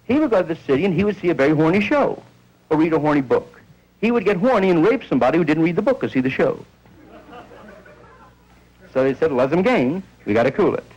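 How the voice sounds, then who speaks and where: Animated stand-up comedian man, lively pitch. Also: fast talker, long pauses, lo-fi sound. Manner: rambling storyteller, acts out bits of dialogue.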